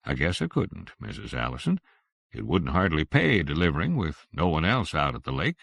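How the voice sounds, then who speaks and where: Loud, firm small-town grocer, put on by a male audiobook narrator; gravelly, dry studio read. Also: rumbling low, huge pitch swings, moderate pace, no room sound, full character voice. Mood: offhand. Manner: suspicious, loud and firm on the phone. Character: gruff rural male country grocer.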